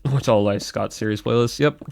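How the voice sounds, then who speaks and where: Chatty low-voiced man streaming. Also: moderate pace, creaky, a little mellow, slight background noise. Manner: chatty and rambling. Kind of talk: casual stream chat, answering chat.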